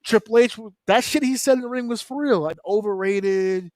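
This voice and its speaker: A fairly high-voiced man holding forth on a wrestling panel show, loose and profane, jumping into little impressions of wrestlers as he argues. His voice sounds close and dry, with hardly any room around it. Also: no room sound. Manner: animated, profane, mimics wrestlers in quick asides. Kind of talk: casual round-table chat.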